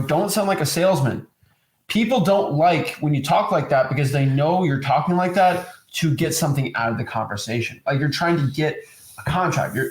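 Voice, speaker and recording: Dude chatting casually, swoops up and down a lot, pretty echoey room. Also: male voice, fairly high pitch. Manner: animated, mimics stiff salesy voices. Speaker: co-host. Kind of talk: casual chat.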